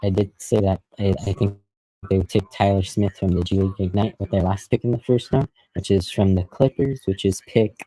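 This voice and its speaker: Dark-voiced young man chatting casually. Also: sits low, steady tone, fairly quick, poor audio. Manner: rambling, hesitant, lots of fillers and self-corrections. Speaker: livestream host. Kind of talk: casual live reaction commentary.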